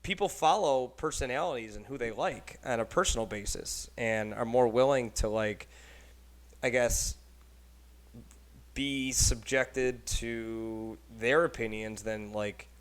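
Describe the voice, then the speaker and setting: A man hosting a casual podcast chat, with a Texan accent, talking in a loose, rambling and animated way and swearing casually. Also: medium pitch, takes it slowly. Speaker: podcast host.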